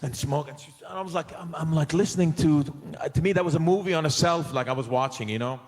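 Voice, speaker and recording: A man's voice: a little high, fast talker. Guy actor on a con panel, loose chatty answers, lots of restarts, big hall echo. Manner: animated, laughing, trailing restarts. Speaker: actor guest on a convention panel. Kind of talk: casual panel Q&A. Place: large convention hall.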